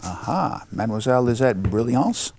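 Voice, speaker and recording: A man's voice: medium pitch, lively intonation, moderate pace, a little mellow, slightly rough. A man hosting a show, patiently asking a child encouraging questions and repeating back the answers. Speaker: show host interviewing a child. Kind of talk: friendly interview chat.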